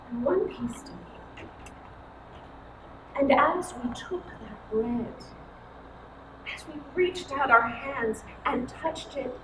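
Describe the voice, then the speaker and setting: A woman retelling a Bible story in the first person, expressive with dramatic pauses, as in a church service. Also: high-pitched. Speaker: worship storyteller. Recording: echoey room, mic far off, noisy.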